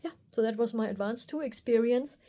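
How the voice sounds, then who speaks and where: A woman tells a personal story straight to camera. Her voice is warm and mellow, and her delivery is candid and animated, and she often slips into quoting her own thoughts. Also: mid-range voice, moderate pace, a little hiss or hum. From Germany. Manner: candid, animated retelling with quoted inner thoughts. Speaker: osteopath and video host.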